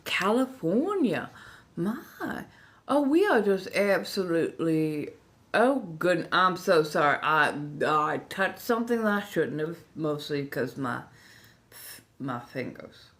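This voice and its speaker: Low, slow soft-spoken woman. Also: sing-song. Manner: soft-spoken, drifting into whispers; drawling, playful, chatty. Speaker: ASMR livestream host. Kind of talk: relaxed late-night livestream chat.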